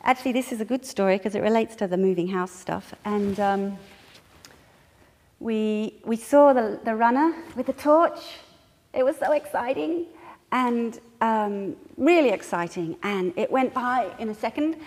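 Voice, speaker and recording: A woman's voice: on the high side, unhurried. A middle-aged woman sharing a personal anecdote in a training talk, acting out what people said and laughing often. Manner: lively storyteller who acts out quotes and laughs often. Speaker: staff trainer. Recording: echoey hall with faint noise.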